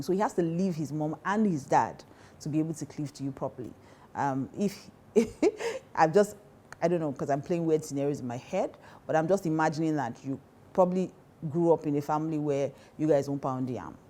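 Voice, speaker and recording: Low, mellow-voiced Nigerian woman pastor. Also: fairly quick. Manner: emphatic and animated, repeats key phrases, laughs often. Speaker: pastor and counselor. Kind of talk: advice talk to women.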